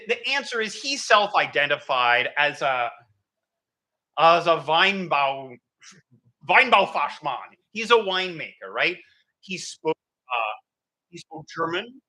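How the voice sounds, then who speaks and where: A man giving an academic history lecture, animated and thinking aloud with frequent fillers. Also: fairly high pitch, poor audio.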